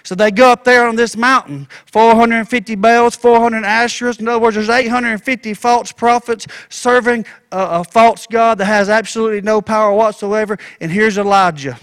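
Folksy male preacher, high voice, animated storytelling. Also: moderate pace, few pauses. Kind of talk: sermon.

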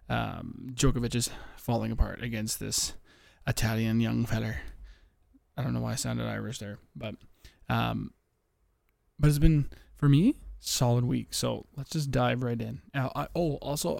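A young man hosting a casual betting podcast from home late at night, rambling and swearing, keeping his voice low and a bit out of breath. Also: creaky, no echo, studio quality. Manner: rambling, profane, talking low to keep quiet. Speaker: podcast host.

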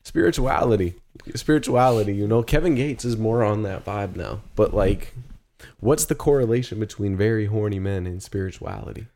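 Low-voiced young man in crude banter. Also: normal speed, mellow. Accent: Canadian. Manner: joking, crude, storytelling. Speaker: podcast co-host. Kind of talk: casual chat.

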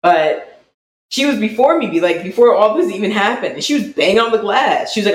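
A podcast co-host telling a story in a casual live-stream chat, animated and laughing often. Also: mid-range voice, fairly quick. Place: indoor room, streaming live. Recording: roomy echo, faint background hum.

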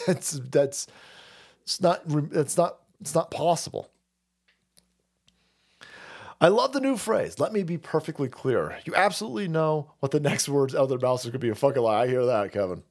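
A man hosting a livestream, ranting in a profane, rambling, sarcastic way and laughing often. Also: fairly high pitch. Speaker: stream host. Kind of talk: ranting commentary.

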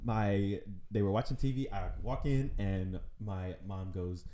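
A man's voice: fairly low pitch, a little slow, few pauses, slight background noise. A young man co-hosting a casual podcast, telling stories and acting out family members' voices. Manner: animated storytelling, acts out voices. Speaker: podcast co-host. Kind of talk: casual chat.

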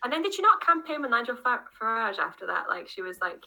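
A woman's voice: on the high side, sing-song, fast talker, gravelly, sharp tone, low-quality recording. A woman, a podcast guest, chatting bluntly and cheekily with some swearing. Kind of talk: casual chat.

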